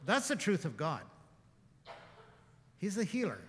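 A man preaching as a pastor. He shifts from hushed, tender passages to loud, impassioned ones, and he often laughs. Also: high-pitched, huge pitch swings, unhurried, pauses often, long reverb tail. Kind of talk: sermon.

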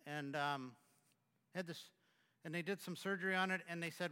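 A man with a high, bright voice delivers a sermon as the pastor. He speaks in a conversational way with frequent restarts, rising loud and then dropping to a hush. His voice carries through a hall with a long reverb. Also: fairly even intonation, clean tone. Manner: conversational, halting restarts, swings from loud to hushed.

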